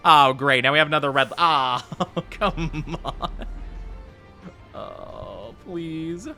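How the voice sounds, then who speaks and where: A man's voice: a little high, steady tone, measured pace, sharp tone, faint music behind. A man streaming as a VTuber, chatting playfully with his viewers and laughing easily. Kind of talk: casual live-stream chat with viewers.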